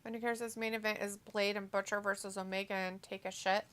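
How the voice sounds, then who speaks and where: Bright-voiced woman reading chat aloud. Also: mid-range voice, flat delivery, fast talker. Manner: reads viewer comments aloud, laughs easily. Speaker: stream co-host reading chat. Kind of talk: casual watch-along chat.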